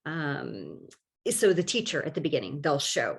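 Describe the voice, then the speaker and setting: A woman hosting a solo podcast, talking casually and chattily with a gently encouraging, self-deprecating manner. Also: deep voice, sing-song, normal speed, creaky, slightly rough. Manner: chatty, self-deprecating, lots of "like" and "you know". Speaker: podcast host.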